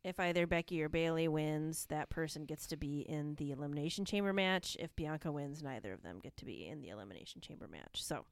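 A woman's voice: low-pitched, lively intonation, a little fast, vocal fry, hardly any pauses, dry recording. A woman co-hosting a podcast, chatting casually and enthusiastically about wrestling with lots of fillers. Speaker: podcast co-host. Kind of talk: casual chat recapping wrestling.

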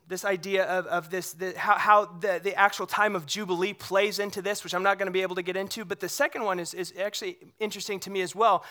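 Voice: medium pitch, sharp tone. A pastor preaching a sermon in a conversational way, often checking in with the congregation through rhetorical questions and animatedly retelling scripture scenes.

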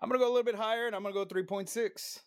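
A man's voice: high-pitched, steady tone, very fast, clean tone, dry recording, studio quality. A man co-hosting a casual movie-review podcast, laughing easily and swearing casually. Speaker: podcast co-host.

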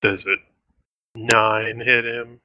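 A man's voice: fairly low pitch, little pitch movement, drawn-out words. A man playing a fighter in a tabletop game, easygoing and upbeat. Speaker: player, an axe fighter. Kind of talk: casual tabletop play. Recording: dull lo-fi mic.

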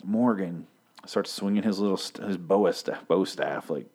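Deep-voiced man ranting casually. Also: a little slow, darkish tone. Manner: profane, rambling, loses track of names. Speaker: TV episode recapper. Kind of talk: casual rambling recap.

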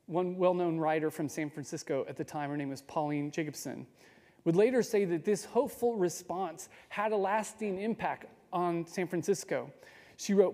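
A man telling a true story in a measured way, with small restarts and pauses. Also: on the high side, dark tone, big-room sound. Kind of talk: storytelling talk.

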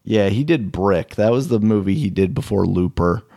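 Low gravelly-voiced male podcast host. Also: moderate pace, warm tone, no echo, studio quality. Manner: laid-back, chuckling often. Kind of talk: casual chat.

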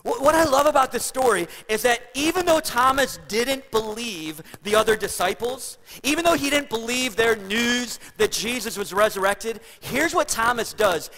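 High, bright-voiced conversational pastor. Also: male voice, in a large hall, slight background noise. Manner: conversational, animated storytelling. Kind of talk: sermon. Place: church.

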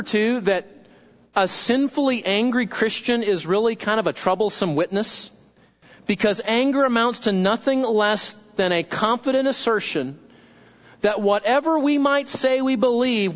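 A man's voice: sits high, lo-fi sound. A pastor preaching a sermon, talking in a conversational way and asking his congregation questions.

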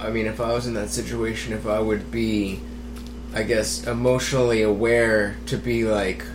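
Laid-back podcast host dude, slangy and cussing, lowish voice, echoey room with hum. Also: male voice, flat delivery, normal speed. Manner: slangy, loose, swears, reacts with 'word up'. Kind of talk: casual chat. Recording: roomy, with audible hum.

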